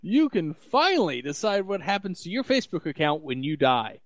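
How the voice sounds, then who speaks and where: A man with a slightly high voice hosts a casual tech podcast, sounding sardonic and wry. He laughs often as he reads the news aloud, and the room is very dry and close. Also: sing-song, normal speed, dry recording. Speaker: podcast host.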